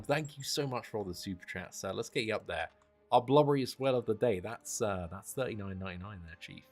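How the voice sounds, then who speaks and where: A man with a fairly low, husky voice casually narrates a game as he plays it live. He's chatty, self-deprecating, and heavy on "mate" and "dude."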